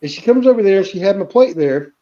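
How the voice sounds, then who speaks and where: A man with a high but mellow voice tells rambling family stories on a casual livestream. The sound is dull and lo-fi, like a stream over a call. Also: expressive, quick pace. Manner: rambling anecdotes with acted quotes. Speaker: livestream host. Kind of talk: casual storytelling chat.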